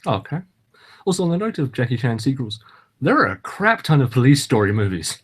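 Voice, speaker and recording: A man's voice: mid-range voice, sing-song, brisk, breathy edge. A man co-hosting a casual podcast chat, teasing his co-host in a dry way.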